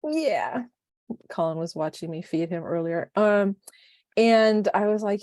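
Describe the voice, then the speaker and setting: Expressive woman life coach, dry sound. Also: mid-range voice, moderate pace, dry recording. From United States. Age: middle-aged. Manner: emotional, expressive, rambling. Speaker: life coach, podcast co-host. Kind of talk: casual podcast chat.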